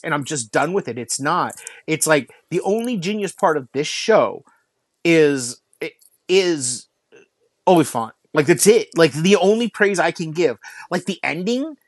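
A podcast co-host with a voice on the high side rants through a casual chat, swearing a lot and filling his sentences with "like." There's no room sound.

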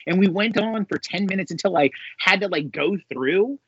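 A man co-hosting a casual pop culture podcast, telling stories in an animated way with a husky voice. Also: high voice, fairly quick, few pauses, muffled recording, noisy background. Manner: animated storytelling, laughs often. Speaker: podcast co-host.

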